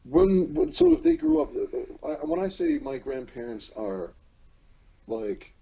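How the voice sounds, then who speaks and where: Canadian guy from newfoundland hosting a podcast, dark husky voice, rambles n restarts a lot, dull lo-fi sound. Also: a little high, wildly swooping pitch. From Newfoundland and Labrador, Canada. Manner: rambling, halting, many restarts. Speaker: podcast host. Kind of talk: casual chat.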